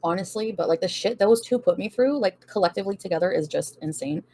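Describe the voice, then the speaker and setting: A woman's voice: medium pitch, fast, dark tone, slight background noise. A woman hosting a casual livestream, reading out and answering viewer comments in a blunt, profane, defiant way, laughing often. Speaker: livestream host answering chat.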